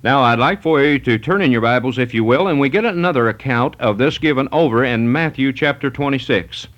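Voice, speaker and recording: A man's voice: medium pitch, fairly quick, a bit bright. A man preaching a sermon, reading scripture and pressing his points with emphatic repetition. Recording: muffled lo-fi recording.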